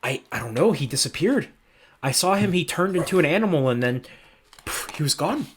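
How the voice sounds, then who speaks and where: A man's voice: a little high, lively intonation, a little fast, a little hiss or hum. A man narrating as game master in a tabletop game, loose and laughing, with many fillers.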